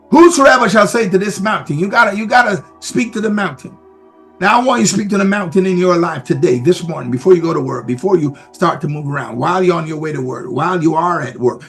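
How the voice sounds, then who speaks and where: Brief: male pastor, high-pitched, preaching with repetition and shouted emphasis over soft music. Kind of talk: sermon.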